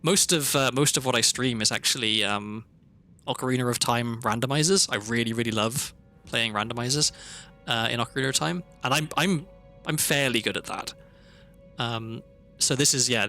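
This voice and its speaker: A man streams a game live, thinking aloud in a bright, forward voice. He rambles casually, stops and restarts, and fills the gaps with ums. Soft music plays faintly under his voice. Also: mid-range voice. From Wales. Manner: chatty, thinks aloud, many fillers and restarts. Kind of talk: casual live gameplay commentary. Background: faint background music.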